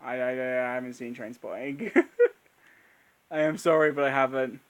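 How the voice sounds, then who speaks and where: Slow, gravelly man chatting on a livestream. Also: medium pitch, steady tone. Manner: chatty, laughs often, answers viewers' questions. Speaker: host of a live Q&A stream. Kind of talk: casual live-stream chat.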